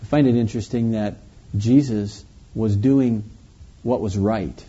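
Man, pastor, verse-by-verse sermon, conversational, very dark tone, dull recording. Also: lowish voice, husky. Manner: reads scripture slowly then comments conversationally. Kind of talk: verse-by-verse Bible teaching.

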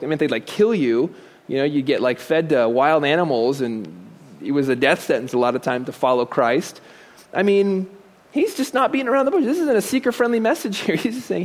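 A man giving a conversational sermon, asking rhetorical questions and dropping joking asides. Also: fairly high pitch. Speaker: preacher.

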